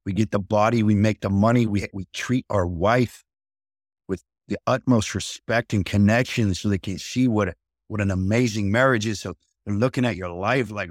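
A blunt, foul-mouthed man in his thirties on a podcast, swinging from low and flat to loud and high when he acts out other people. The sound is dry and close, with no room around him. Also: moderate pace, dry recording. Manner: blunt, profane, animated, acts out quoted dialogue. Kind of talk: casual podcast conversation.

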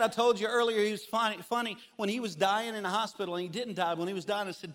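A man's voice: fast talker, few pauses. Middle-aged male pastor, sermon delivery, comic storyteller with sudden bursts of energy. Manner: animated, humorous storytelling with big swings in pitch and loudness. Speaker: guest pastor. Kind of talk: sermon with personal stories.

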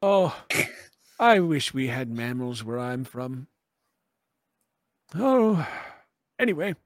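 A man voicing an effusive, giggly dinosaur doctor who chatters warmly. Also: mid-range voice, sing-song, takes it slowly, no room sound, studio quality. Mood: gushing.

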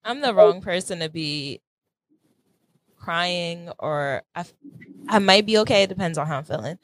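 A woman's voice: fairly low pitch, animated, moderate pace. A woman hosting a casual chat show, candid and chatty, telling personal stories and posing questions to the group. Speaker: podcast host.

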